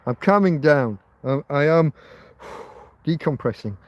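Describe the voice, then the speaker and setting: A man's voice: on the high side, expressive, slow, no room sound. A man hosting a rambling livestream, ranting heatedly with plenty of swearing and restarts. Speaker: livestream host.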